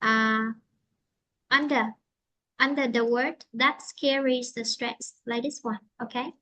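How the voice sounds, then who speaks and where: A woman teaching an English lesson, explaining slowly and patiently with many fillers. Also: a little high, fairly even intonation, bright, forceful tone, poor audio.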